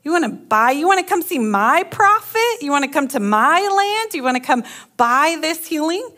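A woman's voice: high-pitched, very animated, moderate pace, pushed and bright, voice pushed up, heavily acted. A woman preacher voicing an indignant ancient king who fires off exasperated questions. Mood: outraged.

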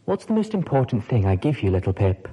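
A man reading the part of an adult female pony radio host, gentle and playfully teasing, with a lively, husky tone. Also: medium pitch, a little fast, voice pushed up, low-quality recording. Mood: tender.

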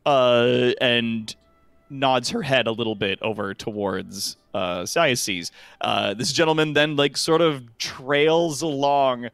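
A man's voice: medium pitch, slow pace, gravelly, a bit bright, clean tone, no echo. A man narrating a tabletop role-playing game as game master, rambling with lots of fillers.

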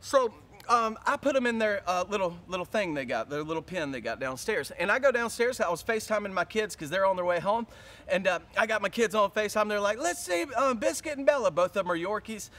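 High-voiced animated preacher man. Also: a little fast. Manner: animated storytelling preacher, acting out his own panic. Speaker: pastor. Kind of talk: sermon.

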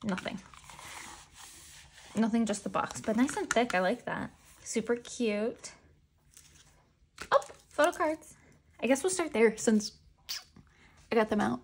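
A woman's voice: a little high, measured pace, pauses often, husky. A woman chatting casually as she unboxes merchandise, chatty and self-deprecating with giggly asides. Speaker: unboxing vlogger.

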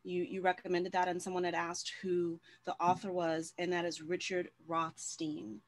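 Woman moderator, lower voice, chatty and conversational, lots of fillers. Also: flat delivery, normal speed. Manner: warm-hearted, chatty, many fillers and restarts. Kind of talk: casual conversational hosting.

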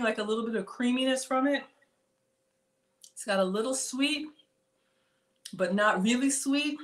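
A woman's voice: on the high side, fairly bright tone. A woman chatting through a live cooking stream from her home kitchen, reading viewers' comments aloud and talking to them by name. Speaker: cooking channel host.

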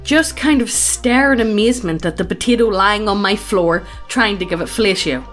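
A woman's voice: mid-range voice, moderate pace, fairly bright tone, faint music behind. A woman channel host casually reading a funny story aloud, swearing freely and breaking into laughter.

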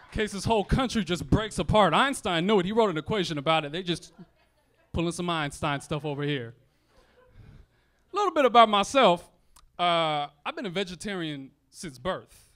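A young man doing a stand-up comedy set on a club stage, playful and animated, slipping into voices for characters. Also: high-pitched, moderate pace, pauses often. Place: comedy club stage before a laughing audience.

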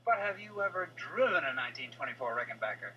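A man's voice: a little high, big pitch swings, quick pace, sharp tone, lo-fi sound. An actor playing a meek, fussy middle-aged man who frets in disbelief over his car, on a thin, distant old TV soundtrack with hiss. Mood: fretful.

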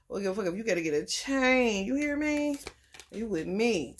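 A woman's voice: mid-range voice, moderate pace. A woman giving a blunt, profane, preachy casual tarot reading. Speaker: tarot reader.

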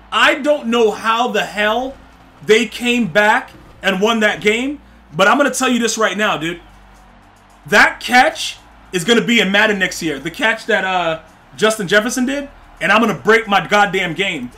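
A high, bright-voiced man streams a football video game and talks straight to his chat. He talks in loose slang and trash-talks the players, with faint music under him. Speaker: gaming streamer. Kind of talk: casual live-stream commentary.

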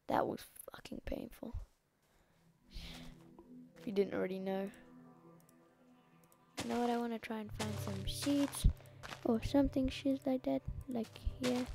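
A woman's voice: fairly high pitch, gravelly. A woman giving rambling, sweary let's play commentary. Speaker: gamer.

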